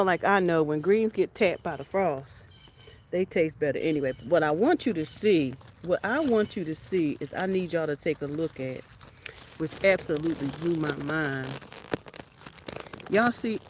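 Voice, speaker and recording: A woman gives an excited, chatty tour of her garden outdoors. She keeps repeating herself and calls out to her viewers as y'all. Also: on the low side, a little hiss or hum. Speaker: homestead vlogger.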